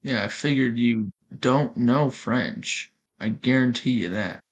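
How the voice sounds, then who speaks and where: A young man with a dry, teasing humor in a relaxed conversation. He stumbles over words now and then. His pitch is average for a man. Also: slow. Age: young adult. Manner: dry, teasing, stammers a bit. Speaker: podcast co-host. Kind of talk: casual chat.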